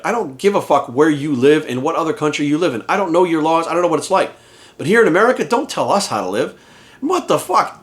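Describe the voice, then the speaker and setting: A man in a heated, profane rant to camera, hammering his points home by repeating them. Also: on the high side. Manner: heated, profane, emphatic, repeats phrases for force. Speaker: fitness trainer and coach. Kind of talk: ranting monologue to camera.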